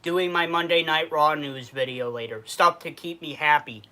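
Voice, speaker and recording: At a moderate pace, this man's fairly high voice comes across bright and forceful. On his relaxed food review livestream he reads viewer comments aloud and answers them; he's from Western New York with a New York accent, and there's sadness under his words.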